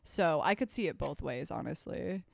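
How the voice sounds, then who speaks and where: A young woman with a lowish voice co-hosts a casual podcast, talking bluntly with plenty of swearing and filler "like"s. Her delivery jumps into animated bursts. The recording is dry and close. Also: normal speed, creaky, no echo. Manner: blunt, profane and animated, lots of "like". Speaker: podcast co-host. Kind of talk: casual chat.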